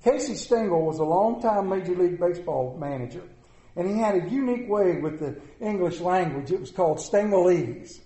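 A man preaching to a room of listeners in a folksy, joking storytelling style, dropping to a hush and rising again. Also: high-pitched, animated, a little fast. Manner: joking storyteller, swings between loud and hushed. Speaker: preacher speaking to a congregation. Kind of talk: folksy sermon. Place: large hall with an audience. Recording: roomy echoing hall.

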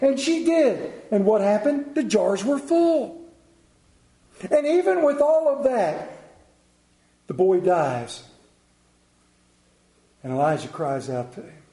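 A man preaching a sermon, telling Bible stories and acting out the characters, swinging between loud bursts and quiet low passages. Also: reverberant, poor audio. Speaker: pastor.

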